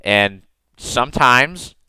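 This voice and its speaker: Bright-voiced American man, podcast host. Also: medium pitch, animated, clean tone, no room sound, poor audio. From United States. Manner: halting, many restarts and laughs. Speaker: podcast co-host, game master. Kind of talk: casual podcast chat.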